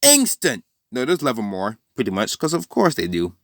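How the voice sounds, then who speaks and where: A man spins a fan-fiction story off the cuff, circling back to fix details and filling gaps with "uh" and "like." He flicks briefly into character quotes before dropping back into plain narration. His voice sits at a middling pitch and sounds dry and close, with no room sound. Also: wildly swooping pitch, moderate pace, fairly bright tone, no room sound. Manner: rambling, self-correcting, with frequent fillers. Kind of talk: casual improvised story narration.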